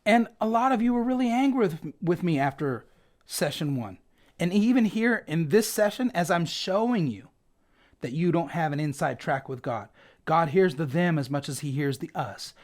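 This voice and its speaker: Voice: mid-range voice, expressive, normal speed, a little mellow. A Bible teacher giving a conversational scripture lesson, often checking in with the listeners. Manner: chatty, peppers points with "right?".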